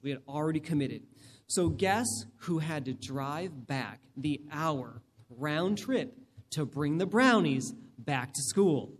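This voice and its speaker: A man with a fairly high voice delivers a sermon to his congregation. He talks in an animated, conversational way and acts out little scenes as he goes. A faint hiss of noise sits under his voice. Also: big-room sound. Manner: conversational and animated, often asks "right?"; acts out scenarios in other people's voices. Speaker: pastor.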